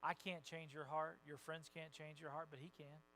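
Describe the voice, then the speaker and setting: A male pastor delivers a lively, conversational sermon in a church, quoting people in their own voices. His voice sits a little high for a man, and he swings between soft asides and loud, energetic peaks. A faint mains hum runs underneath. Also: normal speed, rough recording. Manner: animated, conversational preaching with quoted voices and sudden loud rises. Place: church sanctuary.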